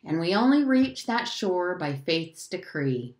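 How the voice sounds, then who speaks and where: Lady doing a male hymn leader, slow careful chanting, echoey room. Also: fairly low pitch, very animated. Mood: measured. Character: slow-voiced male church song leader. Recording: roomy echo.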